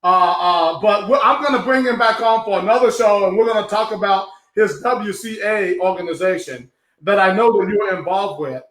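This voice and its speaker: A man hosting a live online show, talking with loud, emotional enthusiasm. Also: high voice, fairly quick, roomy sound. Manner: effusive, emotional, loud exclamations.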